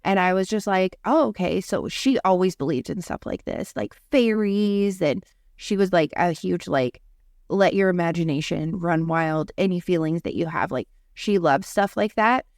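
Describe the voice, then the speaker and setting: A woman's voice: on the low side, lively intonation, moderate pace, a little mellow, no room sound, clean studio sound. A young adult woman, a podcast co-host, telling a story in casual chat and filling it with lots of "like". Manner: rambling, heavy use of "like" fillers.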